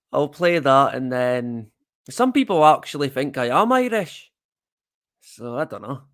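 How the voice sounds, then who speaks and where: A man's voice: on the high side, animated, takes it slowly, a bit bright. A Scottish man hosting a livestream, chatting casually to viewers with self-deprecating, rambling asides. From Scotland. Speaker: livestream host.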